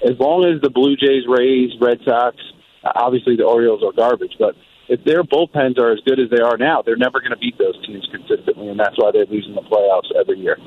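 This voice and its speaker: A man calls in to a sports talk show, heard through a tinny phone line. His pitch sits at a medium level as he lays out his opinions flatly. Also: brisk. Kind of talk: sports talk radio call.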